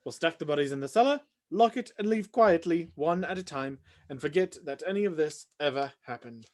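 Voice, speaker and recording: A cast member of a live online script reading, playing a smug butler blackmailer in a calm, matter-of-fact way. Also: mid-range voice, a little fast, close to an everyday voice. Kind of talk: live amateur script reading over video call.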